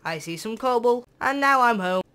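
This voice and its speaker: A teenager with a British accent chatters through a let's-play at an ordinary middle pitch. The delivery is jokey and excitable, drifting into sing-song bits and sudden loud yelps. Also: moderate pace, clear, resonant tone. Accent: British English. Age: teens. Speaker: gameplay channel host. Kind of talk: let's-play gameplay commentary.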